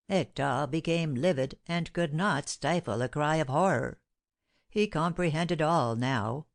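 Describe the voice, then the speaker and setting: A woman narrating a classic novel as an audiobook, reading in a measured, steady way. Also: deep voice, creaky, dry recording, clean studio sound.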